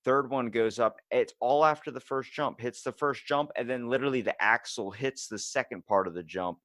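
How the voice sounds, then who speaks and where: A young man hosting a podcast, telling stories in a loud, animated, swearing way. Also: mid-range voice, normal speed, no echo. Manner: animated, swearing storyteller who does voices. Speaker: podcast host. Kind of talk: casual podcast chat.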